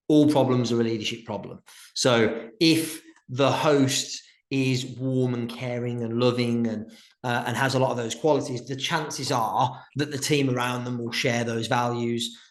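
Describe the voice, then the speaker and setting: A man's voice: mid-range voice, steady tone, moderate pace. A man hosting a podcast interview, thoughtfully framing questions for his listeners. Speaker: podcast host. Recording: roomy echo.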